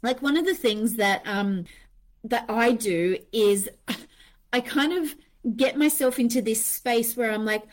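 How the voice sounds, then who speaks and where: A woman's voice: a little high, takes it slowly. A woman hosting a podcast in a candid, casual monologue, swearing freely and acting out her own inner voices. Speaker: podcast host.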